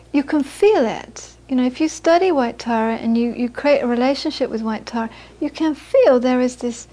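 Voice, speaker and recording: A woman teaching Buddhism to a live audience, moving from lively anecdotal storytelling into quiet, reflective teaching. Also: high voice. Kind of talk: dharma talk to a live audience.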